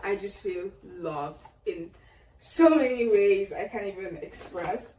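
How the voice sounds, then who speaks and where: A woman's voice: mid-range voice, takes it slowly. Gushing young woman, roomy and distant. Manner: gushing, excited, exclaims often. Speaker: vlogger. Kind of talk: casual unboxing chat. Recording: roomy echo, distant mic, faint noise.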